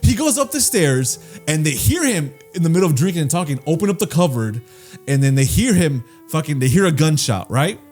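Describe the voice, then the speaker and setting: With faint music behind him, a podcast co-host tells a story in a higher-leaning voice, talking a little fast. The chat is casual and profane, and he animatedly acts out the voices of the people in the story.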